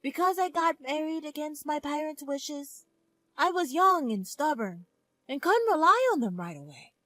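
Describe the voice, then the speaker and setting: A woman voicing a gentle, loving mother with an encouraging manner. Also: sits high, animated, moderate pace, no echo, pitched above the performer's own voice. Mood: affectionate. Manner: warm, encouraging.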